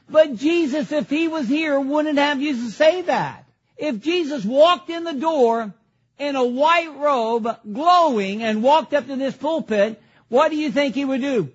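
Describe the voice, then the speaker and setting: A man's voice: very high voice, muffled recording. A man preaching a sermon from a pulpit, emphatic, firing questions at the congregation and answering them himself. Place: church sanctuary at a pulpit.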